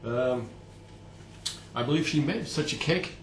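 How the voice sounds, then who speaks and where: A man's voice: mid-range voice, measured pace, reverberant, slight background noise. A man chatting casually while he bakes, with playful, self-mocking asides. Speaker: home baker vlogger. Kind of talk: casual cooking vlog. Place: home kitchen.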